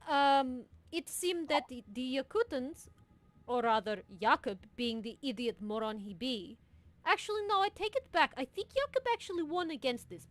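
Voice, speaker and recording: A woman playing in a tabletop game, talking in a chatty, halting way with broken English. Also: sits high, sing-song, no echo. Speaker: player. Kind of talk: casual tabletop game talk.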